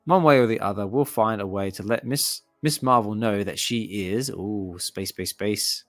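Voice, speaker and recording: A man's voice: fairly low pitch, moderate pace, few pauses, dry recording, soft background music. Chatty man reading comics aloud. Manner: chatty and curious, thinking aloud and stumbling over names. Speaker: comic reading channel host. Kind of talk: casual relaxed comic reading with commentary.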